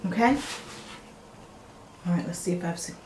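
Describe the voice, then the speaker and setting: A woman's voice: on the low side, moderate pace, a little mellow, echoey room, a little hiss or hum. A woman with a Southern US accent, teaching medical coding in a casual, folksy way with everyday examples. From American South.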